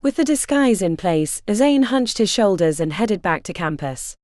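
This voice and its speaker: A woman narrating a fantasy audiobook with expressive, measured storytelling. Her pitch rises and falls freely at a mid-range level. The recording is dry and close, with no room sound. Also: no echo.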